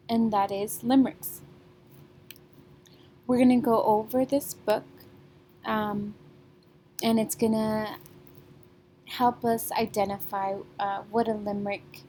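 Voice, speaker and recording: A woman's voice: a little high, mellow, slight background noise. A young woman teacher giving a recorded reading lesson to her class, in a patient, sing-song classroom manner with frequent check-ins.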